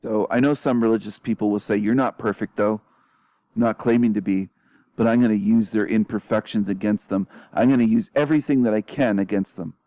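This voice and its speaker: A man commenting on a clip, a low, mellow tone, bluntly challenging and repeating rhetorical questions with a dry, close sound. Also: fairly even intonation, fast talker, no room sound. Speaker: commentary channel host.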